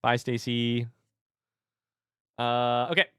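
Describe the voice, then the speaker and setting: A man's voice: medium pitch, completely flat delivery, slow, smooth, no room sound, studio quality. A young man casually commenting on a game he is playing live, chatting with viewers, reading their messages aloud and swearing now and then. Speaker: streamer. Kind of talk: casual let's-play commentary.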